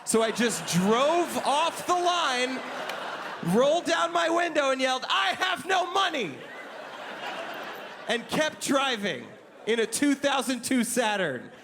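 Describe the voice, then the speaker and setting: Young guy doing stand-up, pretty high voice for a man, animated, leaps into squeaky excited bits, stage mic with a little hiss. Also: unhurried, gravelly, a crowd in the background. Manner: animated storytelling, jumping into high excited voices for his own lines. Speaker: stand-up comedian. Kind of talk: stand-up comedy set. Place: comedy club stage.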